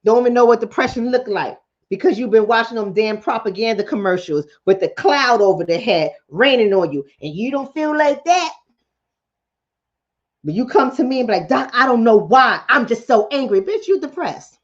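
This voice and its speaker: A woman's voice: fairly high pitch, lively intonation, normal speed, a little mellow, lo-fi sound. A woman hosting a live stream as a psychologist, talking bluntly and preachily to her chat and hammering points home through repetition. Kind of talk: casual live-stream talk answering chat.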